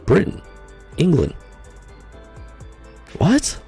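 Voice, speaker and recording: A man's voice: sits high, wildly swooping pitch, extremely slow, vocal fry, mellow, husky, soft background music. A man hosting a live stream, commenting casually and rambling with lots of fillers and incredulous asides. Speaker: podcast host.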